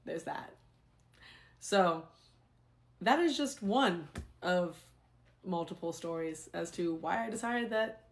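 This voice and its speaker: A young adult woman, a former teacher, telling a story in a casual, animated, exasperated way. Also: lowish voice, normal speed, long pauses.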